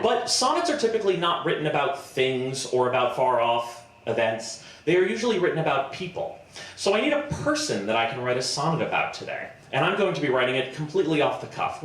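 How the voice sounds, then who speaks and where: A man performing improvised comedy on stage, chatty and self-deprecating, often pausing with ums. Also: medium pitch, fairly bright tone, heavy reverb. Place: festival stage before a live audience.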